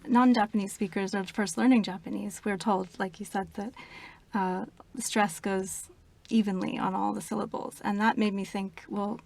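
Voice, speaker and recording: A woman who is a guest in an interview, explaining her ideas in a thoughtful, measured way. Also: mid-range voice, steady tone, creaky, darkish tone. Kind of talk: conversational interview.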